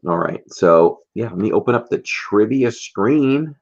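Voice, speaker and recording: Low-voiced man hosting a livestream. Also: animated, measured pace, gravelly, dull audio. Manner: reads out viewer comments and greets viewers by name. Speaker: livestream host. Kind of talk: casual livestream chat.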